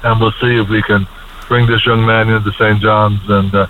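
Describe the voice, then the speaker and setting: A man speaks over a tinny phone line, choked up and halting, restarting his words again and again. A faint hiss sits under the call. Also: fairly low pitch, flat delivery. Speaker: caller to a radio show. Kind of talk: emotional call-in talk.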